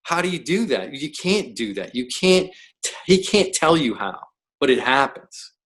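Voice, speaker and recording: A man's voice: mid-range voice, sing-song, normal speed, a bit bright, low-quality recording. A man who is a professional coach, talking as a podcast guest in an emphatic, blunt way, full of rhetorical questions. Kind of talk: podcast interview.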